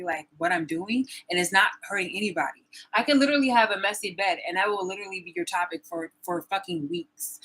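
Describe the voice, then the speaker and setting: A woman in her thirties with a bright, forceful voice and a husky edge. She rants to her viewers in a profane, confrontational way, circling back and repeating herself. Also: medium pitch, rough recording. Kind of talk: angry personal vlog rant.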